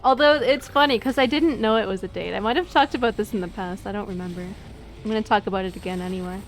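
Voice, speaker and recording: A woman's voice: medium pitch, quick pace, faint music behind. A young woman streamer chatting casually over gameplay, giggly and self-deprecating.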